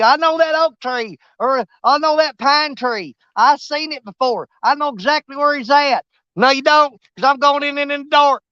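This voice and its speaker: A man with a very high, sharp-toned voice gives casual fishing commentary outdoors on a riverbank. As a vlogger, he's folksy, joking and rambling; the lo-fi recording has no room sound.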